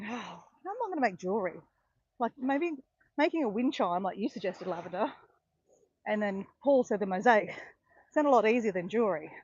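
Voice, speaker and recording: A woman chatting excitedly to live viewers on a phone while walking outdoors on a beach. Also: fairly high pitch, no room sound. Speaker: walking vlogger on a live stream. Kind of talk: casual chat to live viewers. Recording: dull lo-fi phone audio.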